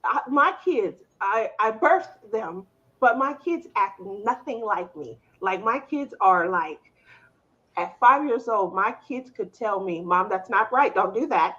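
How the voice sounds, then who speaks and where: A middle-aged woman hosting a casual chat, telling animated stories and laughing often. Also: a little high, takes it slowly, highs cut off. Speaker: host.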